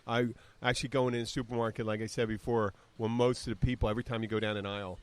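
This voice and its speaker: A man's voice: mid-range voice, level tone, racing, clear, resonant tone. A man in his fifties from the southern United States hosting a podcast, rambling through stories in casual chat and mimicking voices as he retells them. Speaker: podcast host.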